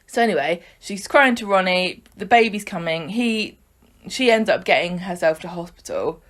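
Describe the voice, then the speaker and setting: A woman's voice: on the low side, lively intonation, normal speed. Woman casually recapping a soap. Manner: chatty and joking, with fillers and laughs. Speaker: podcast co-host.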